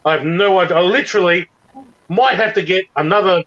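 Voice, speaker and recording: A man's voice: sits high, a little fast, fairly bright tone, highs cut off. A man chatting on a video call, rambling and eager, often restarting his sentences. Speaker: regular panelist. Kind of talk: casual chat on a video call.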